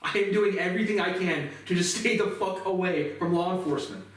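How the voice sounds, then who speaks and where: Agitated male vlogger, profane and repetitive, recorded distant in a boomy room. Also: brisk. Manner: agitated, profane, repeats "literally". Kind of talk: ranting monologue to camera. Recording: echoey room, speaker far from mic.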